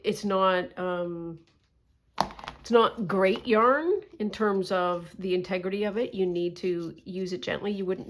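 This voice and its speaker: A woman's voice: lowish voice, vocal fry, a bit bright, a little hiss or hum. A woman with a Canadian accent chatting casually and rambling a bit as a crafting vlogger, often self-deprecating. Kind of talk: casual chat while drawing.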